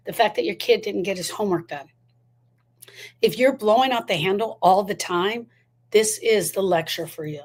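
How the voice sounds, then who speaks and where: Woman, grief educator, motivational talk, emphatic, rhetorical questions, mid pitch.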